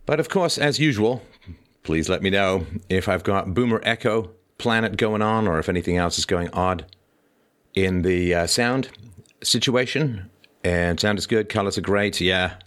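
A man's voice: on the low side, a bit bright. A middle-aged man hosting a live stream, reading out advice and breaking off into chatty joking asides. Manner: chatty, joking asides between read-out points. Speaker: podcast host.

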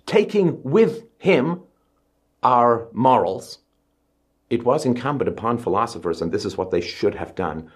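Man giving a speech, deep husky voice, emphatic, middle-aged. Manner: emphatic, rising to stressed words. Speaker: speaker. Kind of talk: public speech.

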